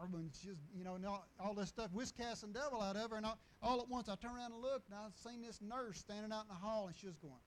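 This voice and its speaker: A man's voice: high voice, steady tone, fast, slight background noise, low-quality recording. A man preaching and telling stories in a folksy, rambling way, with restarts and chuckles. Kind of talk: storytelling sermon.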